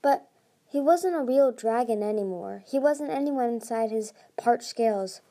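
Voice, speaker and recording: A woman's voice: on the high side, expressive, unhurried, dark tone. A woman reading aloud as a fierce young female sea dragon, snapping and defiant. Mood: bitter. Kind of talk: audiobook reading.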